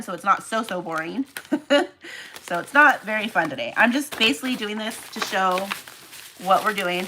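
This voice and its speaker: Heavy background noise surrounds a woman's mid-range voice as she runs a casual reseller livestream. While packing orders she chats, rambles into tangents, and talks to viewers by name.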